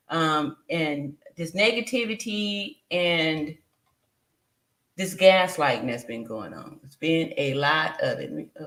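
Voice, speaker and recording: A woman's voice: on the low side, sharp tone, reverberant. A woman in her fifties hosting a casual live stream, greeting viewers by name, reading their comments aloud and laughing often. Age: 50s.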